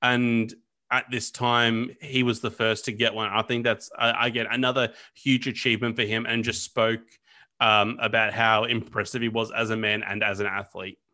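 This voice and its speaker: A man's voice: fairly low pitch, little pitch movement, moderate pace, sharp tone. A man co-hosting a casual history podcast, chatting loosely with plenty of fillers and restarts. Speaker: podcast co-host.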